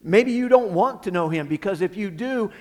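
High-voiced preacher in an echoing hall. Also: male voice, animated, normal speed. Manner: emphatic preaching that swings from loud to hushed. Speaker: pastor. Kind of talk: sermon.

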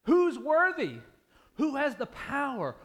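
A man preaching a sermon, voicing a huge, muscular male angel who proclaims loudly. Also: very high-pitched, sing-song, slow pace, long reverb tail, voice pushed up, heavily acted. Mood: booming. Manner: loud, proclaiming.

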